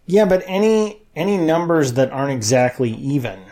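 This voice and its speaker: A man's voice: a little high, animated, moderate pace, mellow. A man co-hosting a talk show, chatting casually with wry, skeptical sarcasm. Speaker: co-host.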